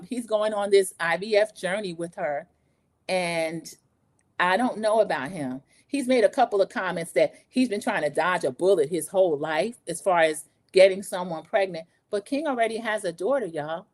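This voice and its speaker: Gossipy and animated, this show recap host, a woman in her forties, addresses her livestream viewers directly. She speaks at a moderate pace with a medium pitch.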